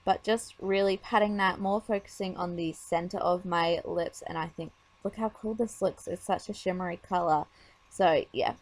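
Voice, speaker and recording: A woman's voice: lowish voice, steady tone, normal speed. A woman talking casually over her makeup tutorial, chatty and rambling with lots of fillers.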